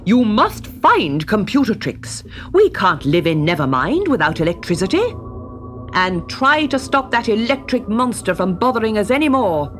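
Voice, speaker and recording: A woman's voice: medium pitch, big pitch swings, fairly bright tone, soft background music. Woman doing a stern storybook mayor. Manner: stern and slow. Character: stern town mayor scolding the imps.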